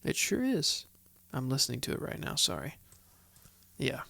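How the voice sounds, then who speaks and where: A man hosting a faith podcast on his own, talking in an unhurried, chatty way and thinking out loud. His voice has a gravelly edge. The sound is dry and close, with no room around it. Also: mid-range voice, expressive, no room sound. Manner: chatty, thinking aloud, heartfelt. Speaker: podcast host. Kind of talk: solo Bible study podcast talk.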